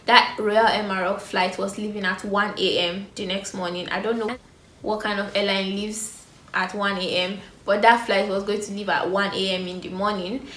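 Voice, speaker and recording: A woman's voice: mid-range voice, normal speed, slight background noise. A young woman in her twenties with a Nigerian accent, telling a storytime vlog and acting out the people in it. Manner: animated storytelling, acting out other people's lines. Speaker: vlogger. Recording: echoey room with faint ambience.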